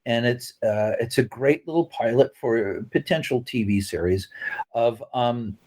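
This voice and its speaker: A man's voice: mid-range voice, a little slow. Middle-aged american guy, filmmaker, chatty storyteller in an interview, jumps into voices when quoting people. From United States. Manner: animated storyteller who acts out quotes. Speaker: filmmaker guest.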